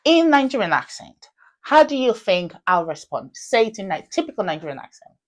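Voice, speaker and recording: A woman's voice: mid-range voice, very animated, fairly quick. A woman hosting a casual chat show, quizzing her guest playfully and signing off to viewers. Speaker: host.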